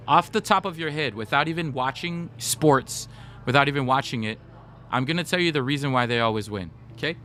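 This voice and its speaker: A young male gaming livestreamer with a medium-pitched, sharp-toned voice chats casually with viewers, sharing stories and responding directly to the chat. There's a little background noise.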